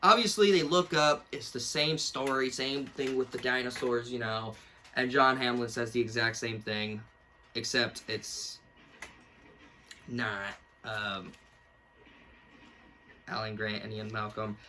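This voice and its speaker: A man's voice: mid-range voice, fairly even intonation, takes it slowly, long pauses, sharp tone, a little hiss or hum. A young man in casual, rambling commentary, mocking himself and laughing often as he reviews something he wrote as a kid. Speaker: YouTuber reviewing his own childhood book.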